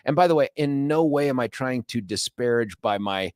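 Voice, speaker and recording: Male talk-radio host, animated sarcastic storyteller, close dry studio mic. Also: medium pitch, moderate pace, dry recording.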